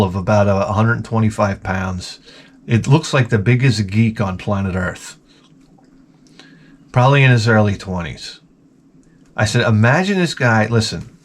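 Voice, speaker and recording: A middle-aged man hosting a show, ranting in a crude, rambling comic style with lots of swearing, often jumping into high mocking voices. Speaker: podcast host. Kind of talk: crude comedic rant.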